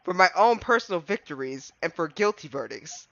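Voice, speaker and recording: A man's voice: high-pitched, expressive, normal speed, gravelly, sharp tone, dry recording, dull audio, heavily acted. A man reading a solemn, proud prosecutor. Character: proud, remorseful young male prosecutor.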